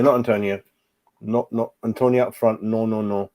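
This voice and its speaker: At a moderate pace, a fairly low, warm, flat-sounding voice belongs to a football fan channel host in his 40s. He keeps his live stream casual and chatty, reading viewer comments aloud and calling people mate.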